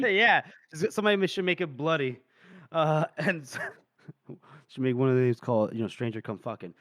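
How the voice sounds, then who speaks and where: A man with a fairly high voice recaps a book for his co-hosts, acting out the lines in an animated way and laughing often. The sound is dry and close. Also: moderate pace, no room sound. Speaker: podcast co-host. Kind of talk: casual chat recapping a book.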